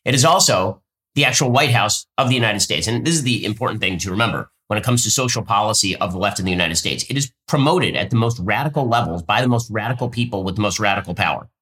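A man hosting a political commentary show, talking in an emphatic, sardonic, rapid-fire way. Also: lowish voice, lively intonation, pushed and bright. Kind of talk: fast political commentary with ad reads.

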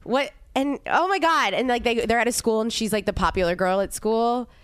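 A woman's voice: a little high, brisk, smooth, dry recording. A woman hosting a podcast, chatting casually with a friend, trailing off and restarting her sentences. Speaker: podcast host. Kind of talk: casual chat.

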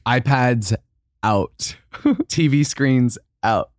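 Brief: young male co-host, campy and playful, swooping animated pitch, dry close sound. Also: extremely slow, dry recording. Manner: campy, playful, lots of put-on quotes. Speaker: podcast co-host. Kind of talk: casual comedic chat.

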